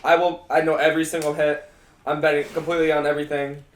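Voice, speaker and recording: A young man co-hosting a casual sports podcast, loud and rambling, laughing often. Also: a little high, flat delivery, quick pace. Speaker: podcast co-host. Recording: echoey room with faint noise.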